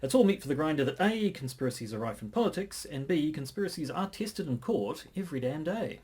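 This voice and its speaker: A man co-hosting a casual podcast, measured and hesitant, often restarting his sentences. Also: on the high side, big pitch swings, a little mellow, breathy edge. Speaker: podcast co-host.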